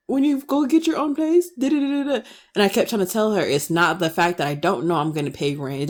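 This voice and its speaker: A woman in her twenties ranting passionately to camera in her vlog, firing off emphatic rhetorical questions. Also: low-pitched. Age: 20s. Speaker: vlogger.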